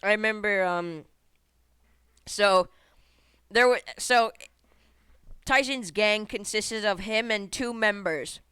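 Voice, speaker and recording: Woman, podcast co-host, rambling storyteller, salty language, smooth clear voice, dry close sound. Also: mid-range voice, takes it slowly, pauses often, fairly bright tone, no room sound. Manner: rambling, swears often, laughs mid-story. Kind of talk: casual storytelling chat.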